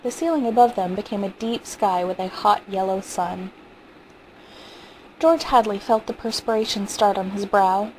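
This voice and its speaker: A woman reading a short story aloud in a steady, vivid narrating manner. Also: mid-range voice, normal speed, a little hiss or hum, low-quality recording. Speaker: audiobook reader.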